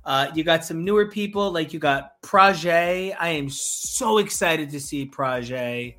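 A man hosting a podcast over a call, chatty and excitable, with lots of fillers and jokes. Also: a little high, a little slow, faint music behind. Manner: excitable, many fillers, joking. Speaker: podcast host. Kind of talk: casual podcast chat. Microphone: remote call.

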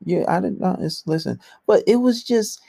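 A man's voice: sits high, moderate pace, gravelly, warm tone, slightly rough, full character voice. A man voicing a defensive young woman who stumbles over excuses about a friend.

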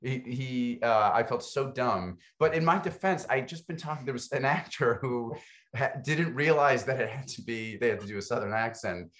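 A man's voice: medium pitch, fairly bright tone. A man, a film co-director, chatting eagerly in an interview, stumbling over restarts as he gushes. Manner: eager, gushing, quick restarts. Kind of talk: casual interview chat.

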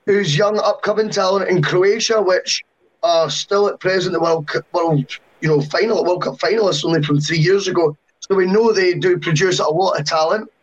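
A man on a football podcast, giving long, animated opinions with self-mocking asides. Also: high-pitched, moderate pace. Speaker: podcast panelist. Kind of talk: casual football podcast chat. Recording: dull lo-fi sound.

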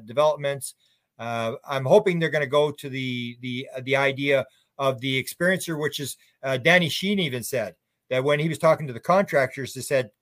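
A slightly bright, mid-range male voice belongs to an older author visiting a radio show. Recorded dry, he gives meandering answers, blunt in opinion and riddled with false starts.

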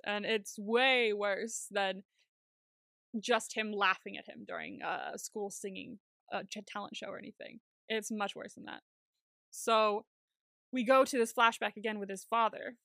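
A woman co-hosting a casual TV recap podcast, chatty and quick to swear and laugh. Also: medium pitch, fairly even intonation, gravelly, sharp tone, dry recording, clean studio sound. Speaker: podcast co-host.

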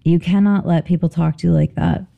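A woman hosting a spiritual podcast, talking candidly with swearing and animated storytelling. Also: on the low side, brisk, gravelly, phone-quality sound. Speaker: podcast host. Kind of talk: casual spiritual talk.

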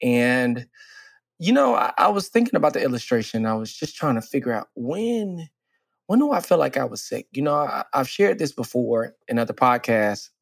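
A man's voice: medium pitch, big pitch swings, moderate pace, vocal fry, slightly rough, no echo. A man with a mid-range voice co-hosts a casual podcast. He banters playfully and cheers his partner on in an easygoing way, heard dry and close to the mic. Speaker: podcast co-host.

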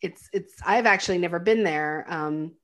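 Chatty woman co-host, lowish voice. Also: moderate pace, a bit bright. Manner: chatty, laughs often, many fillers. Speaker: podcast co-host. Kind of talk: casual chat retelling a film.

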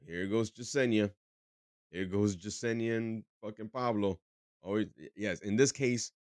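Deep-voiced rambling podcast host, man. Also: creaky, a little mellow, no echo. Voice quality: rambling, profane, full of fillers and restarts. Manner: joking about a tense topic. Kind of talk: casual monologue.

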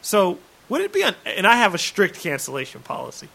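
A man with a fairly high, forceful, bright voice talks casually. He asks questions and thinks out loud, working through his doubts as he speaks. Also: wildly swooping pitch, a little fast, vocal fry. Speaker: guest asking about rentals. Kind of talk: casual chat.

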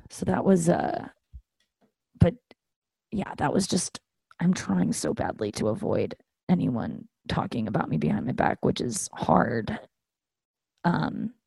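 A young woman talks through a personal story on her podcast, loose and candid, cursing freely and playing out the back-and-forth with her family. Her voice is husky with a gravelly edge and a mellow, dark color. The sound is close and dry. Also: low-pitched, animated, slow pace, long pauses, no echo. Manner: chatty, candid and profane, acting out family dialogue. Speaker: podcast host. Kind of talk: casual solo podcast storytelling.

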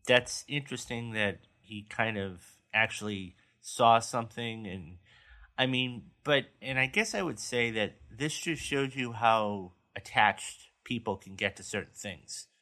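A man's voice: on the low side, animated, a little slow, sharp tone. A man hosting a movie news podcast, reading out stories and then chatting about them casually. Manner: reads news stories aloud, then chats. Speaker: podcast host.

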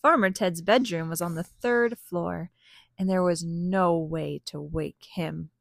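A young woman gently and playfully reading a picture book aloud to a child. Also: lowish voice, slow, creaky, no room sound, studio quality. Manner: gentle, playful, gasps for suspense.

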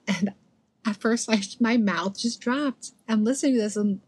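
Husky and a little high, this young woman's voice comes through with no room sound at all. She's an animated podcast co-host, spinning stories in casual chat and tossing off quick sarcastic remarks.

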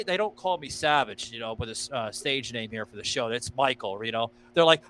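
A man's voice: medium pitch, lively intonation, a little fast, hardly any pauses, fairly bright tone. A man hosting a podcast, telling stories in a rambling, profane way with lots of fillers. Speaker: podcast host. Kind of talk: casual podcast chat.

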